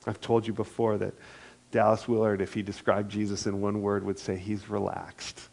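A middle-aged male pastor preaching a sermon and leading a responsive reading in a slow, soft, unhurried way. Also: lowish voice, level tone, vocal fry.

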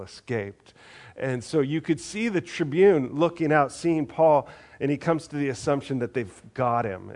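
Conversational male preacher with frequent restarts. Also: mid-range voice. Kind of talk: scripture reading and sermon.

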